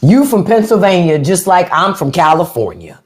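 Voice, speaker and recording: A woman's voice: fairly low pitch, very animated, moderate pace, a little hiss or hum. A middle-aged woman hosting a casual livestream, blunt and taunting as she talks to her viewers. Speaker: livestream host.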